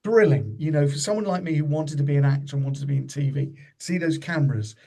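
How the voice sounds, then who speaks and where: A man's voice: a little high, quick pace, gravelly, warm tone. A man in his fifties, a comedian guest on a podcast, telling chatty anecdotes and slipping into the voices of people he quotes. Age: 50s.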